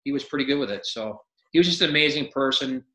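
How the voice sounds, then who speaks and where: A man with a bright, forceful voice spins lively stories in easy conversation and acts out what others said. His voice rings with a noticeable echo of the room around him. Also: mid-range voice, fast talker. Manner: animated storyteller acting out quotes, laughs often. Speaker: podcast guest, retired hockey player. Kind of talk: casual storytelling.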